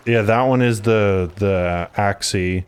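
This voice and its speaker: A man's voice: slow, smooth. A man casually commenting on a game he is playing with a friend, joking around. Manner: joking, mimics characters in high voices. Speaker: let's play host.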